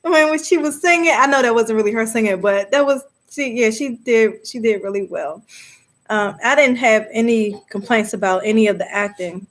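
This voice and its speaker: A woman with a slightly high voice hosts a live movie discussion. She talks casually to her viewers, lively and chatty, often breaking into laughter. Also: normal speed.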